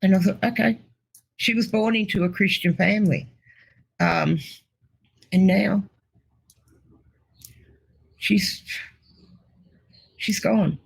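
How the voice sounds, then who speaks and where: A middle-aged woman telling her personal testimony in an earnest, halting way as an interview guest. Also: medium pitch, creaky, breathy edge, low-quality recording.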